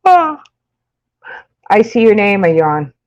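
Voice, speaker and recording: Woman, New York accent, slow unhurried talk, laughing live-stream host, muffled lo-fi sound. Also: medium pitch, big pitch swings. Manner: rambling, chatty, laughs often, many fillers. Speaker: makeup channel host. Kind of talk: casual live-stream chat with viewers.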